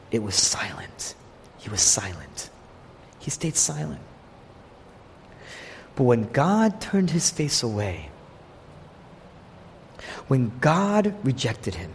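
Male pastor, impassioned sermon, very lively pitch, echoing church hall. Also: a little hiss or hum. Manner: impassioned, swinging between loud peaks and hushed lows.

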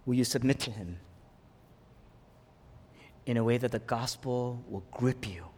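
A man's voice: a little slow, slightly rough. Impassioned male preacher in a reverberant hall. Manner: impassioned preaching, surging from hushed lows to soaring emphatic peaks. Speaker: pastor. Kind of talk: sermon.

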